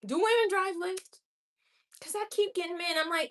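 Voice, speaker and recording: A woman's voice: extremely high pitch, expressive, fairly bright tone. A woman chatting casually on a live stream and reacting candidly to viewer comments. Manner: chatty and candid, with quick laughs and exclamations. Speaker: livestreamer.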